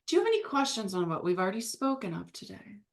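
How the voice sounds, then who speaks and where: A woman's voice: medium pitch, sing-song, quick pace, gravelly. A woman giving channeled spiritual advice, explaining patiently and acting out imagined speakers.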